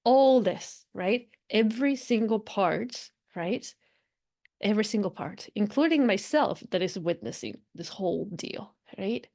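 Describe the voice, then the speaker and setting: A woman hosting a spiritual podcast, musing in a casual, animated way, often acting out inner voices and laughing. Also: medium pitch, measured pace. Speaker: podcast host and spiritual coach. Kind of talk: casual reflective monologue.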